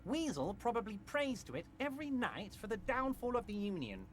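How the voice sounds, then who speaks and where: A scheming old union boss. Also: male voice, high-pitched, big pitch swings, a little fast, slight background noise. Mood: schmoozing. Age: older. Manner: smooth, ingratiating, theatrical. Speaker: union boss in a video game. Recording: game audio over loud music.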